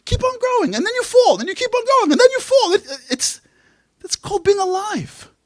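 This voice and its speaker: A man playing a blunt old rabbi mentor who talks in a high, animated, shouting voice. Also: a little fast, no echo, studio quality. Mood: brisk.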